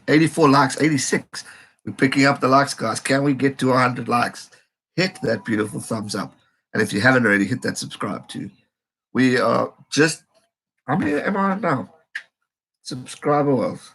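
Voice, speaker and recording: A man from South Africa hosting a live rugby reaction stream, excitable and reading viewer comments aloud. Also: mid-range voice, slightly rough.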